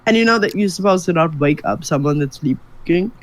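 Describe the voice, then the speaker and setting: A woman co-hosting a comedy podcast, telling stories in an animated way with frequent laughter. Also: on the low side, fairly quick, over a noisy crowd, rough recording. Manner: animated storyteller, laughs often. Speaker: podcast co-host. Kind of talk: casual comedic chat.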